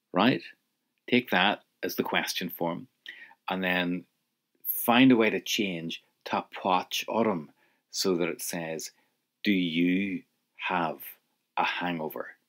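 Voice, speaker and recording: A man's voice: low-pitched, a bit bright. A man teaching an audio language lesson, patiently prompting the listener to answer.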